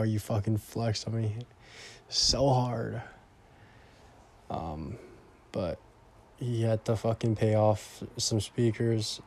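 A man's voice: fairly low pitch, dark tone. A young man vlogging in a rambling, profane casual monologue that often trails off into mumbles.

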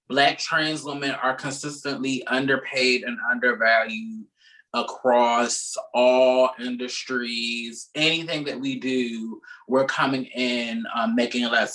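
A man co-hosting a podcast, giving opinionated commentary in a measured, emphatic way and repeating points for stress. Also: mid-range voice, bright, forceful tone, far from the mic, low-quality recording. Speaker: podcast co-host.

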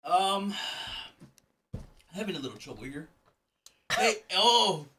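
A young man co-hosting a casual podcast, in pain from a hot spice challenge, yelping and swearing loudly. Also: high-pitched, big pitch swings, takes it slowly, distant mic. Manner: loud pained exclamations, swearing. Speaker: podcast co-host. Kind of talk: casual chat.

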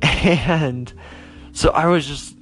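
This young vlogger speaks very slowly in a slightly high, fairly bright voice, with music playing faintly behind him. He tells stories to his viewers on camera in a casual, rambling way, with many fillers and restarts, and brightens up when he reacts.

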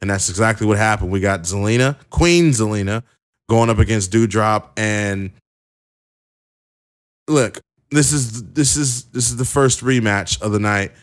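A man's voice: on the low side, measured pace. A young man recapping a wrestling show in a casual, chatty way with plenty of fillers. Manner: chatty, many fillers and restarts.

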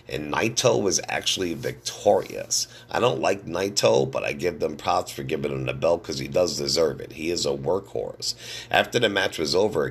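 A hoarse middle-aged man with a gravelly, husky voice, hosting a casual wrestling news podcast in a blunt, profane way. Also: sits low, fairly bright tone. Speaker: podcast host.

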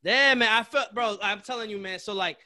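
A man's voice: high voice, fairly quick, pushed and bright, no echo, clean studio sound. A man co-hosting a podcast in casual chat, slangy and saying bro constantly. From Chelsea area. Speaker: podcast co-host.

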